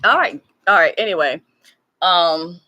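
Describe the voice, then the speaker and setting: A woman's voice: lowish voice, big pitch swings, unhurried, sharp tone. Blunt, chatty woman on a live stream. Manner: blunt and profane, teasing and chatty. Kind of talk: casual live Q&A chat. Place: at home. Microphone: laptop.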